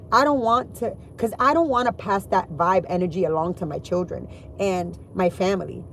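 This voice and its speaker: A woman's voice: mid-range voice, a little hiss or hum. A woman in her forties talking candidly and emotionally in a casual vlog from inside her car, swearing freely. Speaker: vlogger.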